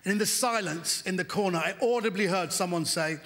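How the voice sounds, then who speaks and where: A man in his fifties from Britain doing animated stand-up comedy in a large theatre, breaking into shouts and sung lines. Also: high-pitched, brisk. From United Kingdom. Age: 50s. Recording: theatre hall, audience noise. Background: crowd laughter.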